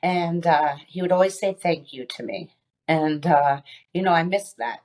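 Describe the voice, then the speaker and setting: A woman being interviewed on a podcast, telling a personal story with many pauses, fillers and restarts. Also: deep voice, a little mellow. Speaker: podcast guest.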